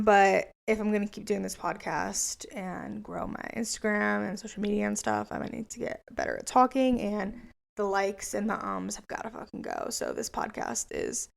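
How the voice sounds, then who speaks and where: Rambling, gravelly-voiced woman podcaster. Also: medium pitch. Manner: rambling, chatty and profane. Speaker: podcast host. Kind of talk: casual solo podcast chat.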